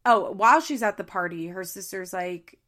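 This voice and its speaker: A woman's voice: mid-range voice, animated, normal speed, fairly bright tone. A woman chatting casually as she recaps a reality show. She swears freely, laughs often and says "like" a lot.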